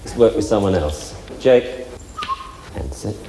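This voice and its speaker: A dog trainer explains step by step in a chatty way during a live demonstration with several dogs. His voice is on the low side, mellow and animated, at a measured pace. The echoey hall carries faint ambience, plus a little hiss or hum.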